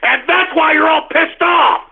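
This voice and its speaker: A man hosting a radio talk show, ranting aggressively and shouting insults at his listeners. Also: very high voice, measured pace, creaky. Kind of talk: angry ranting monologue. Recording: muffled phone-line radio stream.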